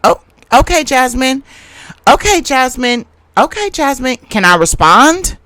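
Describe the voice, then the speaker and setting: A woman reenacting a woman host who answers in a measured, insistent way and keeps calling for order, in a dry close recording. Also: high-pitched, sing-song, a bit bright, no room sound, full character voice. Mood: defensive. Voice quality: measured, insistent, appeals to decency. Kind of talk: reenactment of a heated livestream argument.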